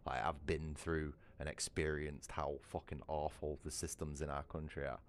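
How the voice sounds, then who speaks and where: A man's voice: rumbling low, level tone, normal speed, slight background noise. A British man chatting casually on a gaming livestream, rambling and swearing a lot, often asking "you know what I mean". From Britain. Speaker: streamer.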